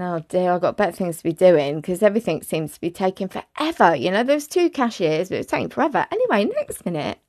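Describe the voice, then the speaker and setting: An Englishwoman vlogger telling a story in a chatty, animated way, talking straight to her viewers. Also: mid-range voice, dry recording, studio quality.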